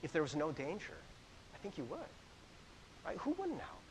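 A man delivers a sermon in a high, husky voice that rises and falls widely. He is animated and jokey, and he keeps throwing questions at his listeners. His voice rings out with a long echo, as in a large hall. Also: moderate pace, slight background noise. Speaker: preacher. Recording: echoey hall.

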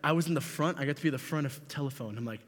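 Young male youth pastor, a bit high-pitched, jokey storyteller, reverberant hall. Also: very fast. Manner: animated, jokey storyteller who addresses the audience directly. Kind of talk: youth sermon with comic storytelling.

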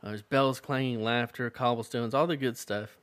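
A man's voice: mid-range voice, moderate pace, clear, resonant tone, dry recording. A man co-hosting a comedy podcast, reading a romance adventure aloud with playful asides and frequent laughter. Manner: animated, laughs often, playful character quotes. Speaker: podcast co-host reading a choose-your-own-adventure book. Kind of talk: casual comedic chat.

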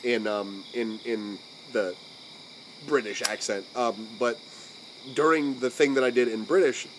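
A man in mid-pitch range chats loosely on a podcast, cursing freely as he rambles. He often trails off and restarts while hunting for the right phrase, and a faint hiss sits under his voice. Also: fairly even intonation, a little slow, rough recording. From United States. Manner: rambling, profane, searching for words. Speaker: podcast co-host. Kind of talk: casual podcast chat.

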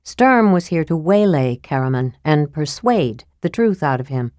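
Low-voiced woman narrating an audiobook. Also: expressive, normal speed, darkish tone, dry recording, studio quality.

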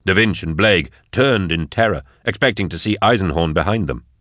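Deep-voiced male audiobook narrator. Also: animated, brisk, a bit bright, dry recording, studio quality. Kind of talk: scripted narration.

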